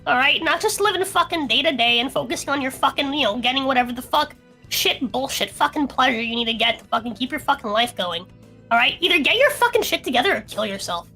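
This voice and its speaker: A drunk young woman rants on a podcast stream, cursing in nearly every sentence. Her voice sits high and swoops through a wide pitch range. It has a bright, sharp edge. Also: animated, fast, faint music behind. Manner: ranting, swearing heavily. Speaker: podcast co-host. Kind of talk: casual streamed podcast chat.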